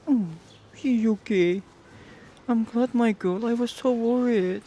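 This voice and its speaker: Woman baby-talking a street cat, slow and singsong, noisy street phone clip. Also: fairly high pitch. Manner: fond, coaxing baby talk. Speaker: vlogger caring for stray cats. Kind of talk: talking to a cat, casual vlog. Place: outdoors on a street. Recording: noisy outdoor phone recording. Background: street noise and meowing cat.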